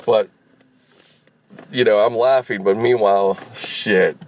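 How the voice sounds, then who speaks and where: Guy rambling in his car, lots of ums and restarts, kinda low voice, faint road hum. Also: fairly even intonation, takes it slowly. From Los Angeles. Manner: rambling, many fillers and restarts, swears casually. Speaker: rideshare driver vlogger. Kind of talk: casual rambling car vlog. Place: inside a car.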